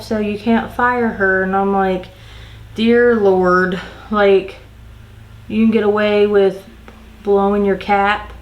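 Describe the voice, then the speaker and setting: A woman's voice: medium pitch, echoey room, low-quality recording. A woman makeup vlogger chatting casually while doing her makeup, ranting in an exasperated way and swearing casually.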